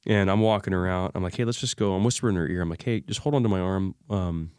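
A man as an interview guest, recounting a personal crisis in an animated way and acting out the dialogue he remembers. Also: low voice, fast, clear, resonant tone, dry recording, studio quality. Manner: animated retelling, acts out remembered dialogue, many fillers. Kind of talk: emotional personal storytelling.

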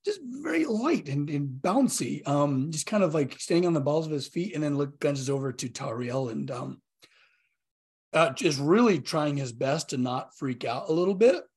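A man's voice: on the high side, expressive, normal speed, breathy edge. A man playing a tabletop game, describing his character's actions with hesitant, filler-heavy speech. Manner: hesitant, lots of ums and uhs. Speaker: player.

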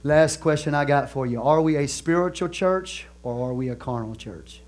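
A male pastor with a Texan accent delivers a sermon in a somewhat high voice. He talks to his church like a friend, drops to quiet asides, then builds to loud, driving calls, laughing and joking along the way. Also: normal speed. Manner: conversational preaching that swings from soft asides to loud exhortation; laughs and jokes with the congregation.

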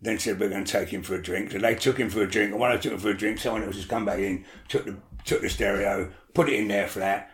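A man's voice: lowish voice, fast, hardly any pauses, reverberant. A man telling a story in casual chat, swearing freely and acting out what people said. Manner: animated, swears a lot, acts out quotes. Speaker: storyteller guest.

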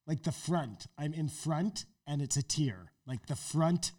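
A man's voice: a little high, expressive, measured pace, mellow, no echo, distant mic. Argumentative man in a dry room. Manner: argumentative, swears, laughs often. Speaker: podcast co-host. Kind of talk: casual chat.

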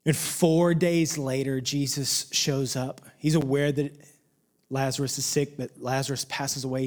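Impassioned male pastor preaching a sermon. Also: fairly high pitch. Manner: impassioned, swinging between loud emphasis and hushed near-whispers.

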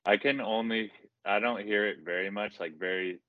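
A young man with a very deep voice talks on a video call in a flat, even tone. He speaks haltingly and fills his sentences with "like". His noise-canceling mic gives a dry, muffled sound. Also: dry recording. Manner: halting, with many "like" fillers. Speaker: student guest. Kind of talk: casual chat on a video call. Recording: dull, lo-fi video call audio.

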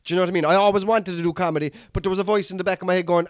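A man's voice: sits high, rapid-fire, no echo, clean studio sound. An Irish man who hosts a comedy podcast, telling a rambling, sweary story and calling his listeners lads. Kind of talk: casual storytelling monologue.

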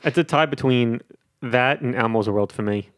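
A man's voice: medium pitch, moderate pace. A man co-hosting a podcast, swearing freely and enthusiastic in casual banter. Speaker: podcast co-host.

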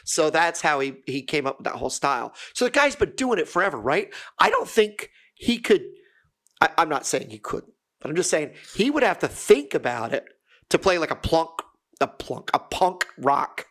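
A man's voice: a little high, sing-song, normal speed, fairly bright tone. A man co-hosting a casual podcast chat, rambling and self-deprecating, with many fillers and restarts. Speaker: podcast co-host.

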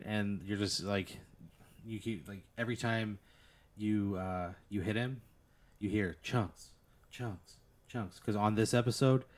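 Guy narrating a goofy made-up scenario, kinda low voice, lots of "like" and laughing. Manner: rambling, laughing, lots of "like" fillers. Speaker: game master. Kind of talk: narrating an improvised tabletop scenario.

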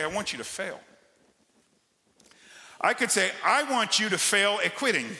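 A man's voice: sits high, sharp tone. A male pastor preaching a sermon, telling personal stories in a conversational, emphatic way. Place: church sanctuary. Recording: church hall with long reverb.

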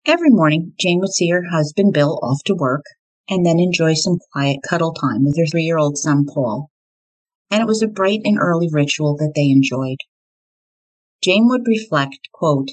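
Low husky woman narrating true crime. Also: normal speed, rough recording. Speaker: podcast host.

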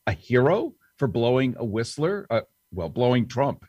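A man's voice: medium pitch, big pitch swings, moderate pace, a little mellow, breathy edge, no echo, highs cut off. A man hosting the interview, casual and joking in a wry way. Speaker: host.

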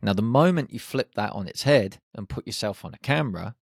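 A man's voice: fairly low pitch, lively intonation, fairly quick, creaky, slightly rough, no echo, studio quality. Upbeat man, encouraging podcast host. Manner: upbeat, encouraging, jokey asides. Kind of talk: motivational podcast monologue.

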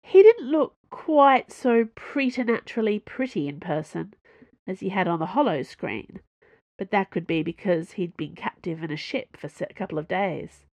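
Woman audiobook narrator, lowish voice with a lively melody, close and dry. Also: moderate pace, no room sound. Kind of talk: scripted narration.

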